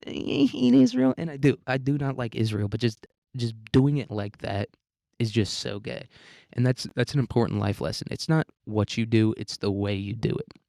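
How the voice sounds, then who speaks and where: A man with a fairly low voice, recorded dry and close with no room sound. He talks as the host of a solo podcast, rambling and swearing freely. He mocks himself and breaks into laughter often. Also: fairly even intonation, moderate pace, darkish tone, no room sound. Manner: rambling, profane, self-mocking, laughs often. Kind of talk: casual solo podcast monologue.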